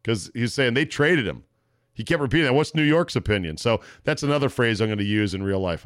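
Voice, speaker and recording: A man hosts a sports talk show with a brash, joking delivery and quick asides. His voice sits in an ordinary middle register. The mic is close and dry, with no room sound. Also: medium pitch, animated, no echo. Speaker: podcast host.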